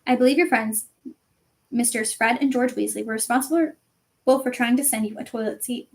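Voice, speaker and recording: A kindly old male headmaster who speaks calmly and with gentle, dry humour, as a woman reads him. The voice sits a little high, close to the reader's own, in this storybook reading. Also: normal speed, natural voice. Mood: gently amused.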